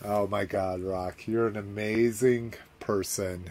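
A man hosting a podcast in casual chat, easily amused and quick to laugh. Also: fairly low pitch, steady tone, a little mellow, a little hiss or hum. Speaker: podcast host.

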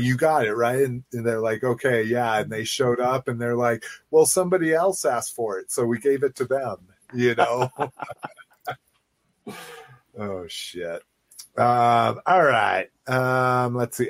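A man's voice: mid-range voice, unhurried, no room sound. A man hosting a casual toy-collector podcast, talking loosely with lots of swearing and restarts. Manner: loose, profane, restarts often. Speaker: podcast host. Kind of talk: casual chat.

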